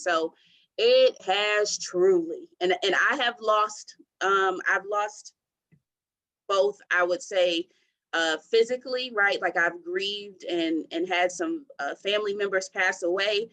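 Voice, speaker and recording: Woman guest in her 30s from Detroit. Expressive, faith-centered storytelling, mid-range voice. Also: medium pitch, measured pace, rough recording. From Detroit, USA. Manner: expressive, testimony-style storytelling. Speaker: podcast guest. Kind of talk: faith-centered interview talk.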